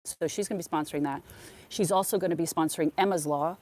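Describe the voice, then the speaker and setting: Speaking fast in a low, slightly mellow voice, this middle-aged podcast host rambles chattily through stories on her own, performing the quoted conversations as she retells them.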